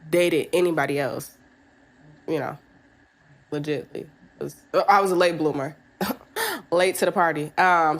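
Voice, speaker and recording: Frank, laughing woman podcast host. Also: fairly low pitch. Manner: laughs often through the story, frank and profane. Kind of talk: candid personal storytelling.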